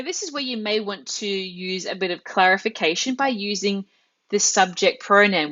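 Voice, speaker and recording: A woman's voice: mid-range voice, a bit bright. Woman teacher running a live online class, mid-range voice, patient and methodical, a bit muffled over a computer mic. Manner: patient, explains step by step with examples. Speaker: Italian teacher. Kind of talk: live online language lesson.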